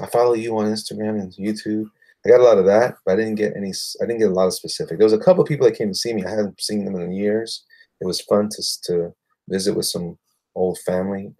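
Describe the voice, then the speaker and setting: A man talks casually with his viewers as he draws, rambling and muttering to himself between thoughts. His voice is low, gravelly and husky, yet lively in pitch. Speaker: artist livestreaming while drawing. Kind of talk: casual chat while drawing.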